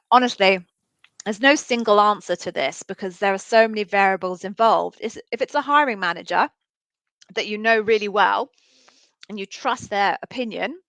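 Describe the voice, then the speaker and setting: A woman's voice: mid-range voice, a bit bright. A woman with a mid-range voice gives interview coaching advice on a live session. She talks frankly and plainly, and her dry, close sound carries no room echo. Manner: frank, explanatory, conversational.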